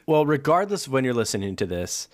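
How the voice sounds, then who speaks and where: Talking fast and with great animation, this male podcast co-host rambles through a casual conversation full of fillers and false starts. His voice sits in the mid range.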